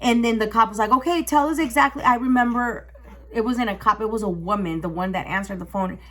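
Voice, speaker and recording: A young woman telling a storytime on her vlog, emotional and animated, swearing freely. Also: mid-range voice, a little fast. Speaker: vlogger. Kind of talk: casual storytime.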